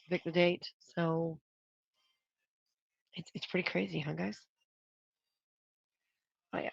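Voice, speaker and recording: While working, a prop maker chats casually on a livestream, thinking out loud and tallying costs. His voice sits at a middling pitch with some vocal fry. The audio is dry, close and dull, typical lo-fi livestream sound with no room echo.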